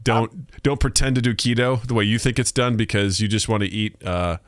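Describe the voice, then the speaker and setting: A man co-hosting a casual podcast chat, telling stories in an animated way, jumping into high-pitched voices to act out quotes and laughing often. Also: fairly quick, dry recording, clean studio sound. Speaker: podcast co-host.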